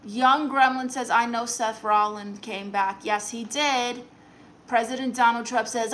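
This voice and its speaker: A woman's voice: a little high, steady tone, moderate pace, a bit bright, poor audio. A woman streaming live in a comic aunt persona, reading chat messages aloud and firing back sassy, dry comebacks.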